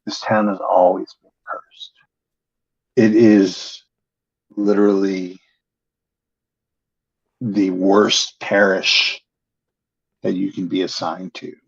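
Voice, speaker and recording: A man voicing a frightened, weeping male village priest who speaks in a shaky, halting, despairing way. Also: low voice, vocal fry, slightly rough, heavily acted. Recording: dull lo-fi recording.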